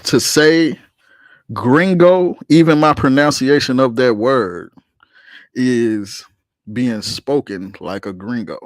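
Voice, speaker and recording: A man's voice: medium pitch, slow, dry recording, clean studio sound. A man hosting a livestream, arguing with his chat in a heated, profane, slangy rant. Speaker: streamer host reacting to chat.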